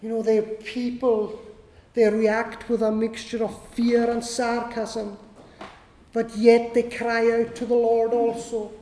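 Preacher, measured sermon pace, mellow tone, repeats phrases for emphasis; echoey hall with long reverb. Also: medium pitch, monotone. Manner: repeats key lines for emphasis.

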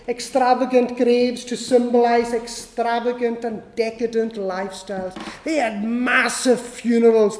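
Preacher, measured sermon pace, mellow tone, repeats phrases for emphasis; echoey hall with long reverb. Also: medium pitch, slight background noise. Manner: repeats key lines for emphasis.

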